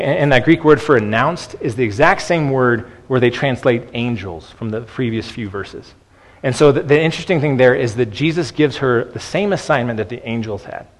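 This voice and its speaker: Male pastor, mid-pitched voice, earnest conversational preaching, long church reverb. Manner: earnest, conversational with frequent restarts and "okay". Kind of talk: sermon.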